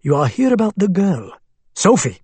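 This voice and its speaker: A man's voice: high voice, sing-song, normal speed, darkish tone, husky, dry recording, voice pushed up, heavily acted. A man doing an old, jovial antiques dealer with an Arabic accent. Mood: jovial, bargaining. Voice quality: thick accent, hearty.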